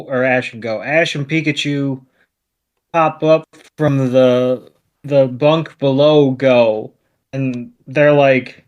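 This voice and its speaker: A man co-hosting a podcast, recapping a cartoon in a laid-back way with many fillers. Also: medium pitch. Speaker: podcast co-host. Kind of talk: casual episode recap.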